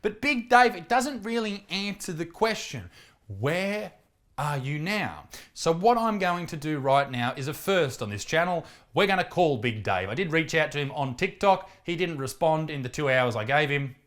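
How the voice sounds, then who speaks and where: A man's voice: on the high side, expressive, moderate pace, fairly bright tone. Mocking, foul-mouthed Australian man. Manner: mocking, profane, theatrical. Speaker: comedian and host. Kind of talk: comedic reaction commentary.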